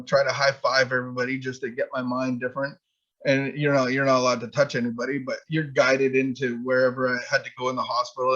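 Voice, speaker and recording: A man's voice: a little high, a bit bright, muffled recording. A man teaching on addiction recovery, telling rambling, self-deprecating personal anecdotes full of restarts. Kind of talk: personal storytelling talk.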